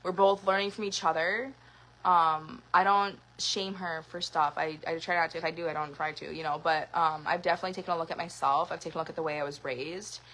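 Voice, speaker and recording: A woman's voice: low voice, fairly even intonation, a little fast, a bit bright, rough recording. A young woman and mother in a casual personal monologue, frank and conversational, swearing now and then and leaning on fillers. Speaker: mother talking to camera.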